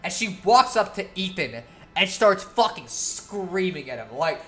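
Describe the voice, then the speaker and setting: A woman's voice: on the low side, very animated, measured pace, fairly bright tone, soft background music. A woman streamer telling a long story in a casual, profane, laughing way.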